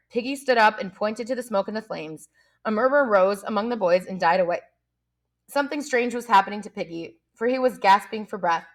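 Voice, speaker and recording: Woman reading a novel aloud, teacher, even pace, small slips, mid pitch. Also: a little fast. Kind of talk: audiobook reading.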